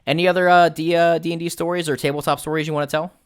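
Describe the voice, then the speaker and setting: A man hosting a podcast over a voice call, telling a tabletop game story in an animated way and swearing freely. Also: fairly high pitch, racing, smooth, no echo, studio quality. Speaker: podcast host and game master. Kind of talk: casual storytelling chat.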